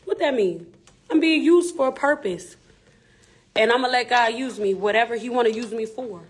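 A woman's voice: fairly high pitch, normal speed, breathy edge. A woman rapper, talking candidly and emphatically on a live stream in repetitive street slang.

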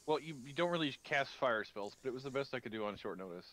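A man's voice: medium pitch, expressive, quick pace, fairly bright tone. A man playing a game with friends, explaining rules and his moves in casual chat. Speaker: co-player.

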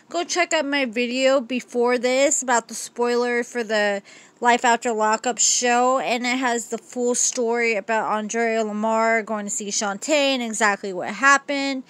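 A woman recapping a reality TV episode as a casual vlog host, gossipy and animated, with frequent asides. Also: fairly high pitch.

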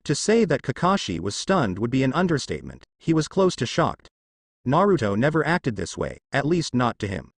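A man narrating a fan fiction story in a plain, steady reading. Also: mid-range voice, normal speed, creaky, husky, dry recording, clean studio sound.

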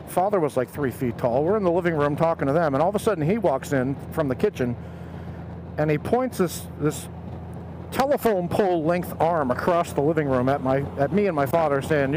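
A man's voice: a little high, brisk. A middle-aged man motovlogging, casually telling a story from his youth and acting out the voices of the people in it. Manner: animated storyteller, acts out quoted voices. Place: outdoors on a motorcycle. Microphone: helmet headset mic. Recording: road and traffic noise behind.

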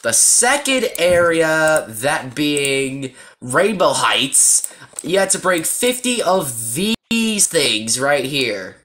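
A man's voice: fairly high pitch, very animated, very slow, a bit bright. A man chatting casually as he walks through a game update, joking around and teasing himself. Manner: joking, chatty, self-mocking. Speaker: gaming YouTuber.

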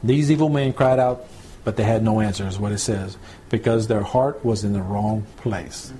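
A male pastor giving a conversational Bible teaching, checking in with listeners and slowing down to read scripture aloud. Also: on the low side, mellow, slight background noise. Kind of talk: home church Bible teaching.

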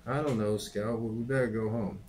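Male reader voicing a worried, earnest boy, lowish pitch. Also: steady tone, normal speed, darkish tone, lightly acted. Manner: earnest, insistent.

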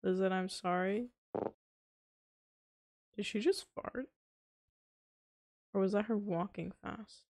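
A woman's voice: medium pitch, slow pace, long pauses, a little mellow. A young woman streaming a game live, reacting to chat with exasperated outbursts of disbelief. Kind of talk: live gameplay commentary.

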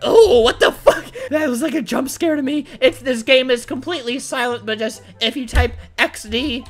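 A young man giving excitable, foul-mouthed comedic commentary while playing a game, often bursting into laughter. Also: extremely high pitch. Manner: excitable, swears a lot, frequent laughing outbursts. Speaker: gaming YouTuber. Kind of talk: comedic let's-play commentary.

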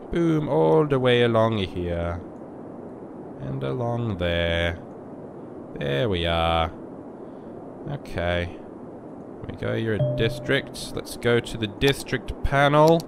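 A man's voice: medium pitch, lively intonation, slow, vocal fry, pauses often, noisy background. Sick young man rambling over gameplay. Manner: rambling and joking, with sudden loud outbursts at the game. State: sick with a virus. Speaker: gaming YouTuber. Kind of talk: casual gameplay commentary.

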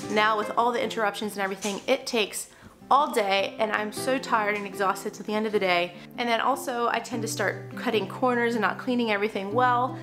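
Talking to camera while she cleans, a young mom and vlogger chats about housekeeping, peppering her speech with "like" and self-deprecating asides. Her mid-range voice is steady and brisk, with music playing underneath.

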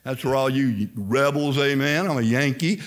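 An older pastor from Indiana, whose American accent has a slight Southern sound, preaches an emphatic sermon. His medium-pitched voice moves at a moderate pace, and his animated delivery includes quoted asides.

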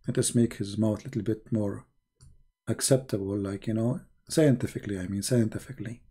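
A man's voice: lowish voice, a little fast, mellow, husky. A man giving a sarcastic, mocking commentary monologue as an online religious debater, theatrical in delivery.

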